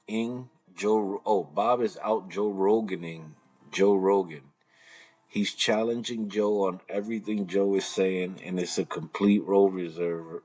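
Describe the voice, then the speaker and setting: A man's voice: low voice, a little mellow. A man hosting a live stream in casual commentary, rambling and swearing as he mutters to himself while fumbling with the computer.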